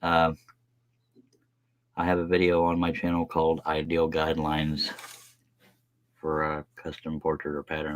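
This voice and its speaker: A man's voice: extremely low pitch, fairly bright tone, no echo. A man streaming live from his workshop, talking in a chatty, folksy way as he draws a pattern. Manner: folksy, chatty, says y'all. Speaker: scroll saw pattern maker streaming live. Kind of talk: relaxed live-stream talk while working.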